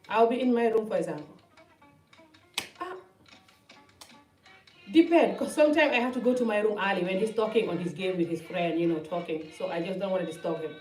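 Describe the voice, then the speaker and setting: A woman's voice: mid-range voice, darkish tone. A middle-aged woman vlogging from her living room, chatting casually to camera in a rambling, loose way. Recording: roomy, distant, faint music behind.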